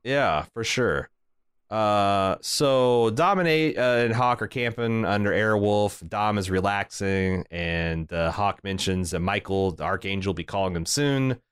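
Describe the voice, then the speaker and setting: A man's voice: lowish voice, unhurried, smooth, no room sound, clean studio sound. A man co-hosting a podcast, recapping an episode in a casual, profane, jokey way. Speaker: podcast co-host.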